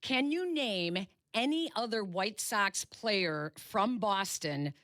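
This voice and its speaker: A woman hosting a sports radio show, quizzing a guest in a brisk, playful way. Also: mid-range voice, expressive, a bit bright, no echo, clean studio sound. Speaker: radio host. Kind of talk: casual sports talk interview.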